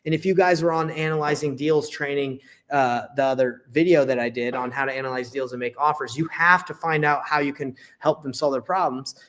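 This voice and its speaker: A man's voice: mid-range voice, steady tone, fairly quick, few pauses, fairly bright tone. A young man teaching real estate wholesaling in a casual way, acting out phone call lines and often checking in with "right?". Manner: conversational, acts out call dialogue, frequent "right?" and restarts. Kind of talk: casual teaching, reading through a call script.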